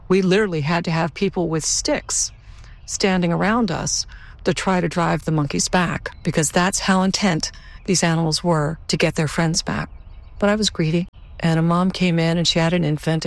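A woman's voice: fairly low pitch, steady tone, moderate pace, no echo. Candid middle-aged woman scientist. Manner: candid, conversational storytelling. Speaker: scientist interviewed. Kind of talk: documentary interview.

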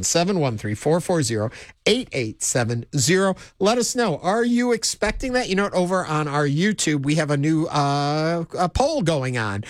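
A man co-hosting a call-in talk radio show, talking in a measured, conversational way and inviting listeners to phone in. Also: fairly high pitch, no room sound, studio quality. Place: radio studio. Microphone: close studio mic.

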